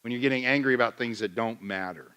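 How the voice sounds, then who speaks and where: A man's voice: mid-range voice, quick pace, bright, forceful tone, clear, resonant tone. A middle-aged man preaching a sermon in a church, conversational and self-deprecating, acting out his own rants as examples. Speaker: pastor.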